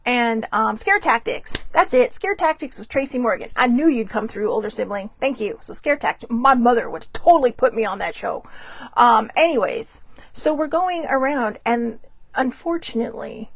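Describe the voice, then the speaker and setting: A woman's voice: on the high side, creaky, no room sound. A woman hosting her own livestream, telling a story in a rambling, chatty way and laughing often. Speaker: host.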